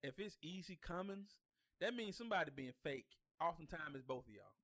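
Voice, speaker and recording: A man's voice: on the high side, animated, fairly quick, a bit bright. A man co-hosting a podcast in casual conversation, laid-back and slangy, often tagging "you know what I'm saying.". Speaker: podcast co-host.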